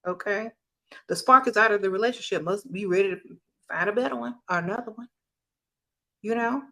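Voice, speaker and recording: A woman's voice: medium pitch, a little fast, pauses often, a bit bright. A woman giving blunt relationship advice, scolding her listeners and mocking them. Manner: brash, scolding, mocks others in a whiny voice.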